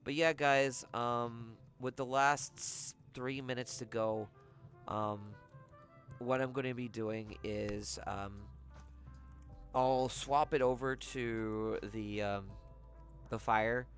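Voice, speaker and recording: A livestreamer in casual chat with viewers, talking softly and haltingly with many pauses, sounding heartfelt. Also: mid-range voice, steady tone, faint music behind. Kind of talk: casual chat to a live audience.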